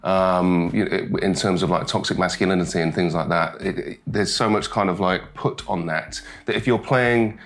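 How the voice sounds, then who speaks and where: A man's voice: sits low, fairly even intonation, moderate pace, hardly any pauses, a bit bright. A British man, a talk show guest, chatting casually and rambling with lots of "you know" and "like". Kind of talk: casual chat.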